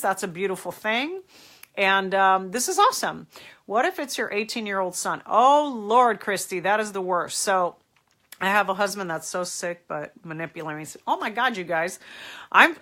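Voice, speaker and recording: An American woman hosting a live-stream advice talk, speaking in an animated, emphatic way and addressing her viewers directly. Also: mid-range voice, moderate pace. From United States. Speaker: host.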